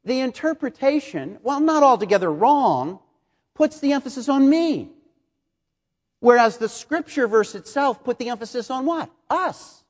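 A pastor, middle-aged, delivers a sermon in a fairly high voice. He explains steadily and poses rhetorical questions. His voice rings with a long reverb. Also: expressive, normal speed.

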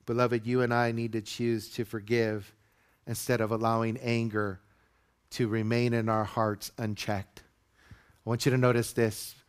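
A man with a clear, resonant, medium-pitched voice preaches a sermon to his congregation in a church sanctuary. He tells a story with animation, acting out the voices and quotes within it.

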